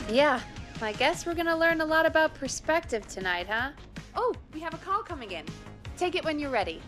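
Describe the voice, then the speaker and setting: An actress playing a brisk, uneasy small-town radio producer who runs the calls and keeps the show moving. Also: female voice, high-pitched, big pitch swings, over music. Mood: chatty.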